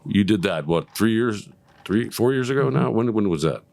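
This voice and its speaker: A laid-back male host with a very deep, low voice. He keeps the chat easygoing, nods along with agreement and laughs freely. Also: creaky. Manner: relaxed, agreeable, quick to laugh. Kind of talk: casual chat.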